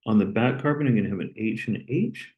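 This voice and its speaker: A man lecturing, explaining step by step as he draws and pausing on an occasional "okay". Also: lowish voice, a little mellow, lo-fi sound. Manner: plain, step-by-step explaining with okays. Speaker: chemistry lecturer. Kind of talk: recorded lecture while drawing.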